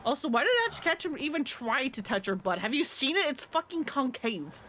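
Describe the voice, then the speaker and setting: A woman streamer commenting excitedly on a video game, swearing and reacting loudly. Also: high-pitched, fairly quick, a little hiss or hum. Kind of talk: gameplay commentary.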